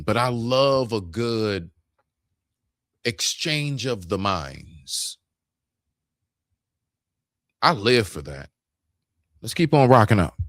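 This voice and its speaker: A man's voice: on the low side, no room sound, clean studio sound. A man co-hosting a talk stream, arguing his point in a heated, emphatic casual debate. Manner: animated, confrontational, emphatic, demonstrates raising his voice.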